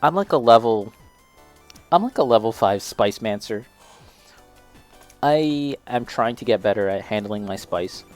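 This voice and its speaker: A man's voice: lowish voice, lively intonation, measured pace, pauses often, a little mellow. Young man, casual snack-review host, chatty and self-deprecating, light music in the background. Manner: chatty, self-deprecating, reacting while eating. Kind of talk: casual snack tasting chat.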